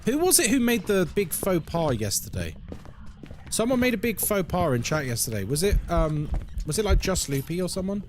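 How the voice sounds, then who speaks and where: A male live streamer talking casually with his chat. His voice sits fairly high and swings widely in pitch. He curses freely and drops into mock voices mid-sentence. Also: very animated, moderate pace, a little hiss or hum.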